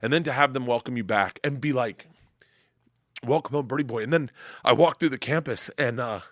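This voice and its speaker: A middle-aged man from Florida, a comedian guest telling animated, profane stories and acting out quotes loudly. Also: medium pitch, brisk, no echo, clean studio sound. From Tampa, Florida. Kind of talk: casual storytelling chat.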